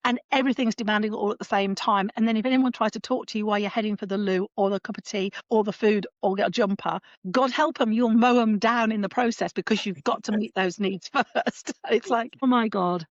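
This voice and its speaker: A woman's voice: mid-range voice, fairly even intonation, fairly quick, few pauses, dry recording, lo-fi sound. A woman co-hosting a podcast, talking in a rambling casual way with bursts of laughter. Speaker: podcast co-host. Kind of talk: casual chat.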